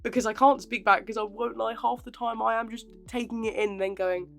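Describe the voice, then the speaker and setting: Brisk and steady, with vocal fry and a fairly bright tone, her slightly high voice belongs to an aspiring actor vlogger in her twenties. She's from England, has a Southern English accent from around Portsmouth, and chats casually in a giggly, self-deprecating manner.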